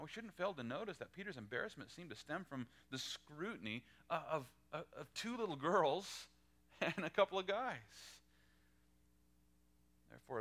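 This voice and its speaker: A male pastor teaching a verse-by-verse sermon, acting out quoted dialogue with big lively swings. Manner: animated, acts out quoted lines with pitch jumps.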